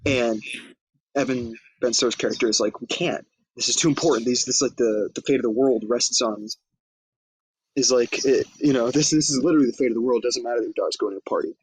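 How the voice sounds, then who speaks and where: A man with a slightly husky voice, recorded dry and close. He co-hosts a movie podcast and tells the story in a loose, profane, chatty way, jumping into quoted lines as he goes. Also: medium pitch, fast talker, dry recording, low-quality recording. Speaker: podcast co-host. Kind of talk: casual movie recap chat.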